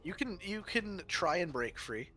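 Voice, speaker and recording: A man's voice: sits high, sing-song, measured pace, sharp tone. A man running a tabletop game as game master over an online voice call, laid-back and laughing often, with hesitant fillers.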